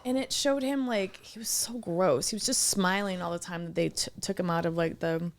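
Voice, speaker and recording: A woman's voice: lowish voice, moderate pace. A woman co-hosting a podcast, chatting casually in a rambling way, stumbling over words and swearing. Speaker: podcast co-host. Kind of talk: casual chat.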